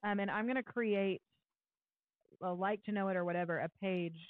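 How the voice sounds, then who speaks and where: A woman hosting a podcast, talking in a relaxed, thoughtful way with soft affirmations. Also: medium pitch, moderate pace, no echo. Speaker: podcast host. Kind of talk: casual parenting chat. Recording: dry, phone-like remote line.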